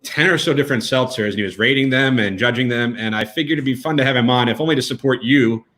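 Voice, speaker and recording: A man's voice: mid-range voice, fast, a bit bright. A man co-hosting a casual live-stream chat over a video call, dry and teasing. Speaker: co-host.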